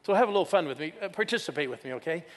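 A man preaching a sermon in a church, energetic and calling on the congregation to answer him. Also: fairly high pitch, racing. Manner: energetic, calls for crowd responses. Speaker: guest preacher. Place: church sanctuary. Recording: church hall reverb.

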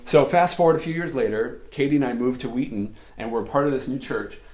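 A man preaching a sermon in a lively storytelling way, often laughing as he tells personal stories. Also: mid-range voice, a little fast. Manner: animated, laughs often while telling stories. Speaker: pastor.

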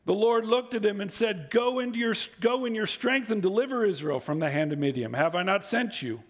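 A man preaching a sermon, reading scripture aloud and acting out the speakers, moving from low, quiet reading to loud, high emphasis. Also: expressive, fairly quick. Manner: acts out voices in scripture and paraphrase.

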